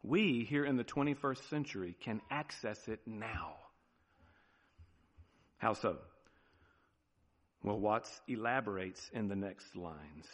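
A man preaching a sermon as pastor, animated, with sudden drops to a quiet, emphatic tone. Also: on the low side, slow, long pauses, long reverb tail.

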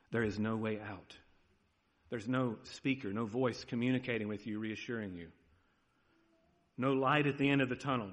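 Earnest pastor in a reverberant hall. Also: male voice, medium pitch. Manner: earnest, pleading, swings between loud urging and soft hush. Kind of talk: sermon.

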